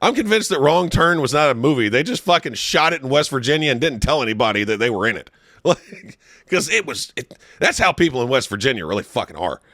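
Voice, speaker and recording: A young man co-hosting a crude comedy podcast, an animated storyteller who swears a lot and breaks into laughs. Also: mid-range voice, fairly quick, dry recording, clean studio sound. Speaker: podcast co-host.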